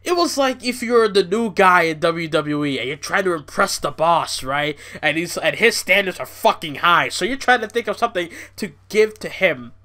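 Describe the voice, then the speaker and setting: A man hosting a podcast, ranting casually in a rambling, profane, excitable way. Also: sits high, moderate pace, few pauses. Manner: rambling, profane, excitable, fillers like "you know". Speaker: podcast host.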